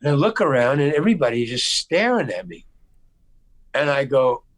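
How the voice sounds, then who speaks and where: American man spinning an animated anecdote. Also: medium pitch, normal speed, low-quality recording. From United States. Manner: animated anecdote-telling with restarts and acted-out quotes. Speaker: guest actor. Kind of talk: casual storytelling interview. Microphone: video call.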